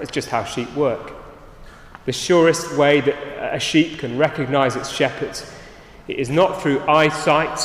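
A man's voice: mid-range voice, a bit bright. A man preaching a sermon, earnest, often restarting his sentences. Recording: roomy hall reverb.

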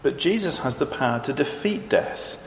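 A man preaching a sermon in a measured way, reading verses aloud and explaining them. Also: medium pitch, expressive, vocal fry, a little hiss or hum. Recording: echoey hall with long reverb, faint ambience.

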